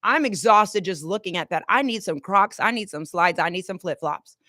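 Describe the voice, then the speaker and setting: A woman hosting a motivational live stream, speaking with high energy to her viewers and coaxing them to repeat affirmations out loud. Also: lively intonation, normal speed, no room sound, clean studio sound. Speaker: motivational host.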